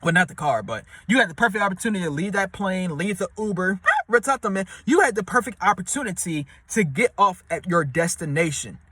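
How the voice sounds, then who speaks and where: A man with a high, bright voice talks, rambling and repeating himself as he hands out relationship advice. His speech is loose and full of slang. It sounds dry and close, with no room echo. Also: animated, brisk, few pauses. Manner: slangy, repetitive, street-talk delivery; acts out quoted voices in a high pitch. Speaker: advice vlogger. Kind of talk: casual advice monologue.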